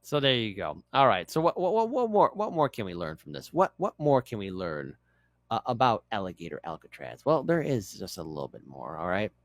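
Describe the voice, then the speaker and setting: A man's voice: lowish voice, sing-song, fairly quick. A man hosting a casual news commentary show, joking and often repeating words.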